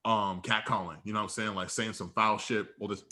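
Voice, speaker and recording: A man's voice: on the low side, steady tone, fast, sharp tone. A young man co-hosting a podcast, telling stories in casual, slangy, profane chat with acted-out dialogue. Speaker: podcast co-host.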